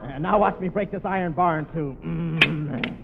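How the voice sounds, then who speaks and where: A man doing quick-fire comic bits in a 1940s radio comedy, heard on a scratchy old broadcast with a live audience. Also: fairly high pitch, gravelly, narrow, tinny audio. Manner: wisecracking, quick comic delivery. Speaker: comedian host. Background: live audience laughing.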